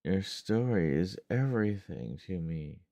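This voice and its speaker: A man's voice: deep voice, expressive, unhurried, gravelly, dark tone, no echo. A man hosting a livestream, chatting casually with viewers, reading their messages aloud and laughing often. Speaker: livestream host.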